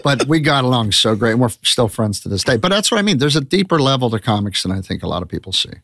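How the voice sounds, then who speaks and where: A man's voice: medium pitch, big pitch swings, quick pace, vocal fry, a bit bright, no echo, studio quality. A man in his fifties, a comedian guest telling candid stories in a casual, rambling podcast chat. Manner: candid, rambling storyteller with restarts.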